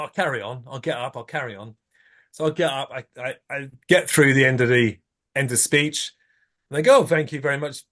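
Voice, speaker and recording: A man, a podcast guest telling a lively anecdote and acting out his own lines. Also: mid-range voice. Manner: animated storyteller, acts out his own lines. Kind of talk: anecdote in casual chat.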